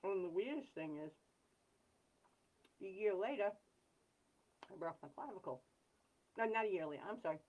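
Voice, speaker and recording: A woman hosting a live chat, talking in an earnest, rambling way with frequent pauses and apologies. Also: medium pitch, expressive, phone-quality sound. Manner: blunt and self-deprecating. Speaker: livestream host.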